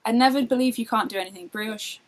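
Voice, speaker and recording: A woman hosting a knitting podcast, chatting casually and telling animated stories with frequent laughter. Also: fairly high pitch, fast, rough recording. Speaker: podcast host. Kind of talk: casual chat.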